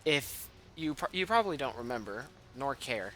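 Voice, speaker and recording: A young man running an online tabletop game as game master, chatty and quick to laugh, on a home mic over a voice call. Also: medium pitch, big pitch swings, fairly bright tone, faint music behind. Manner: chatty, laughs often, restarts sentences. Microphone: home microphone on a voice call.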